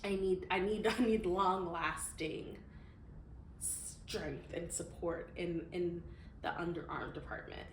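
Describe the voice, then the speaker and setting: A woman's voice: fairly low pitch, steady tone, slow, slight background noise, low-quality recording. A young woman talking casually to the camera for her vlog, chatty and full of fillers, laughing easily. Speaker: vlogger. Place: home, then out in the city.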